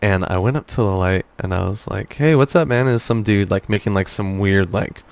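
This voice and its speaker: A young man guesting on a casual podcast interview speaks in a deep, steady voice at normal speed. He rambles through gaming stories, full of fillers and restarts.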